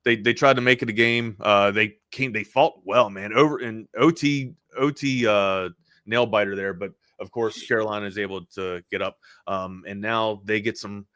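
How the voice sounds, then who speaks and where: A man's voice: fairly low pitch, steady tone, moderate pace, fairly bright tone, no echo. Male sports co-host, casual and loose, dry close sound. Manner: loose and conversational, with frequent filler words. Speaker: sports talk show co-host. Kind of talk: casual sports chat on a live stream.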